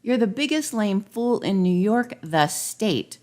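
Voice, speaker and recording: A woman's voice: medium pitch, lively intonation, a little slow, a little mellow, close to an everyday voice. A woman voicing a sneering male politician sidekick in a rhyming storybook parody, taunting.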